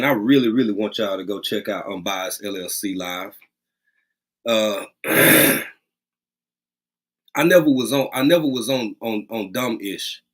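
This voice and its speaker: A man hosting a casual livestream from a rural home, greeting viewers by name and talking in a lively, drawling way, repeating phrases. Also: fairly low pitch. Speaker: livestream host.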